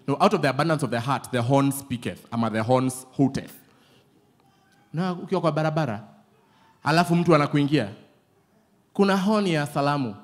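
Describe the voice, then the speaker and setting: Man, Kenyan accent, pastor, sermon, playful storytelling, raised pitch. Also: fairly quick, pauses often. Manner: lively, playful storytelling, switches often between English and Swahili.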